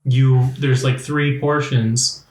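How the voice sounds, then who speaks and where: Man, co-host, mid-pitched, animated storyteller, sits back from the mic in an echoey room. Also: slow, far from the mic. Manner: animated, acts out quoted exchanges. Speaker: podcast co-host. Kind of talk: casual storytelling chat.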